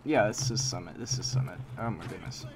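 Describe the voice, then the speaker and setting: A man giving live commentary over his own shooter gameplay, excitable and quick to exclaim and groan. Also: on the low side. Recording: game gunfire noise behind voice. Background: video game gunfire and explosions.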